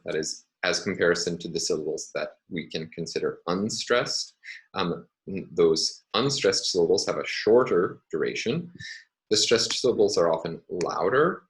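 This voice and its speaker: Male lecturer, middle-aged, very low voice, deliberate and halting delivery with many fillers. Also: rough recording. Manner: measured, hesitant with frequent fillers. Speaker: university lecturer. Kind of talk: recorded university lecture.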